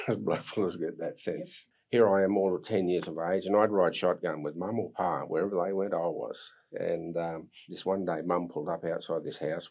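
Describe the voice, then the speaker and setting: A man in his sixties with an Australian accent, an earnest podcast guest telling personal stories, reflective, with soft laughs. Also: sits low, gravelly, husky. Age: 60s. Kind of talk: personal storytelling.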